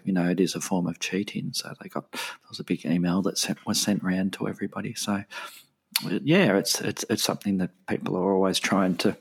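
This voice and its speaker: A man's voice: deep voice, vocal fry, slightly rough. A middle-aged man co-hosting a podcast in casual chat, hesitant, with many ums and restarts. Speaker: podcast co-host.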